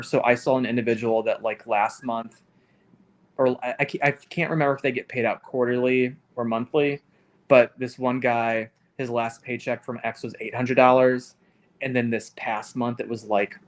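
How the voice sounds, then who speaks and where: A man co-hosts a relaxed live stream chat over a call mic, his voice sitting at an ordinary middle pitch. He rambles along and fills his sentences with "like" and "um.". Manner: rambling, heavy on fillers like "like" and "um". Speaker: co-host. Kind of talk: casual livestream chat.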